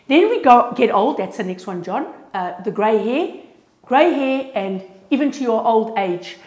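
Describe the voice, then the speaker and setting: A woman's voice: a little high, a little slow. Earnest woman giving a church testimony. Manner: lively, earnest, often restarts words. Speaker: speaker sharing a testimony. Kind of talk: informal church sermon with slides. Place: church gathering.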